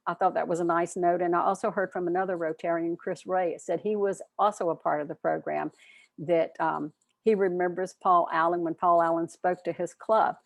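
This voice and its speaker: A woman's voice: on the low side, fairly even intonation, fairly quick, vocal fry, no echo. A woman giving a short, earnest program presentation at an online club meeting, speaking in a friendly, plain way over a video call.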